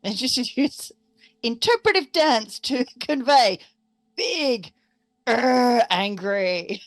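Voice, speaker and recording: A woman's voice: sits high, very animated, slow pace, no echo. Playful woman player. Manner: playful, casual. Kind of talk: playing a tabletop game.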